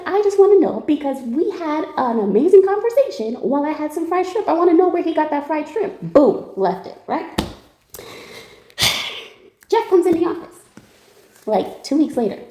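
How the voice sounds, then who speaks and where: Young woman, storytelling, mellow tone, highish voice, roomy echo, slangy and animated. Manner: animated, laughs often, slangy, quotes people in dialogue. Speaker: tarot reader telling a story. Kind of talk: casual storytelling.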